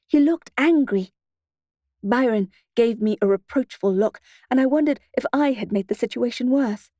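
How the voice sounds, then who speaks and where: A woman's voice: a little high, moderate pace, warm tone, dry recording. Wry woman narrating an audiobook. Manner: wry, dry storytelling. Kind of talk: first-person audiobook narration.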